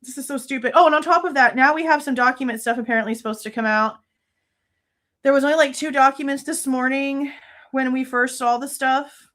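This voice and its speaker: A woman's voice: sits high, fairly even intonation, a little fast, fairly bright tone. Angry woman venting on a livestream. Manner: angry, venting, frequent swearing. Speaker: true crime livestream host. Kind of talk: casual livestream commentary.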